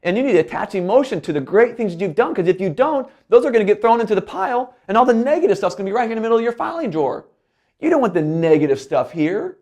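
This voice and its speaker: A man giving a motivational keynote talk, animated, often acting out quoted voices and his own self-talk. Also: high-pitched, fast talker. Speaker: keynote speaker.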